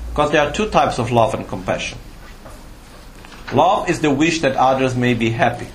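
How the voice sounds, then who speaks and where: In a roomy retreat teaching hall with faint ambience, a man gives a Buddhist teaching to a live audience. His mid-range voice has lively intonation and a moderate pace, and he pauses often, explaining patiently, checking in with questions, and using slightly non-native phrasing. A little hiss or hum is audible.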